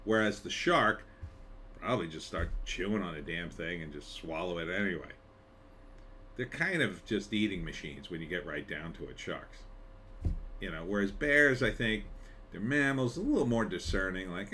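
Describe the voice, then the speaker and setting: A man with a lowish voice talks through a movie trailer in loose, offhand commentary. His pitch swings widely as he rambles and tosses in wry asides. A faint hum of ambience sits behind him. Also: animated, normal speed, sharp tone. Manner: rambling, conversational, with frequent fillers and wry asides. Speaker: screenwriter reviewing a trailer. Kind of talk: casual commentary.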